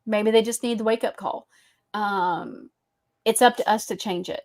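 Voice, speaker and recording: A woman's voice: medium pitch, normal speed, gravelly. A woman with a Southern, Cajun-tinged accent hosting a casual podcast chat, drawling and laughing often. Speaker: podcast host.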